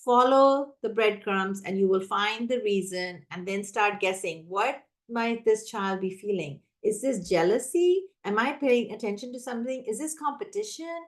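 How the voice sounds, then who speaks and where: A woman trainer answering teachers' questions in a live online session, energetic and animated, often acting out how a teacher talks. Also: mid-range voice, moderate pace, few pauses. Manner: energetic, animated, acts out teacher and child voices. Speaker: classroom management trainer.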